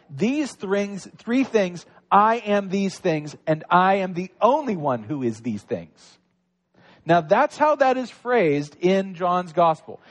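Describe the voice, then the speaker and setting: A man's voice: high-pitched, very animated, slow. A man preaching a sermon, teaching through a scripture passage in a conversational way with frequent restarts. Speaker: pastor.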